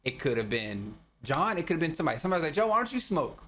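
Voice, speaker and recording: Animated profane young man telling a story. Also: a little high, racing, a little hiss or hum. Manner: animated, profane, laughing storyteller acting out quotes. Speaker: podcast co-host. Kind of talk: casual storytelling chat.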